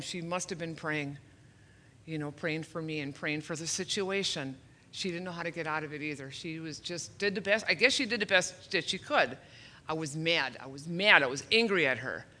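A woman's voice: sits low, sharp tone, a little hiss or hum. A woman in her fifties giving a personal testimony at a church service, earnest and emotional, a little nervous, with flashes of self-deprecating humor. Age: 50s.

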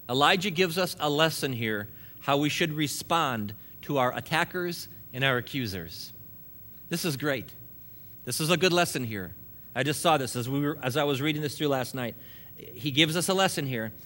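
A man's voice: on the high side, expressive, normal speed, bright, forceful tone. A man preaching a sermon, emphatic and repetitive, stressing points by piling up phrases. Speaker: pastor.

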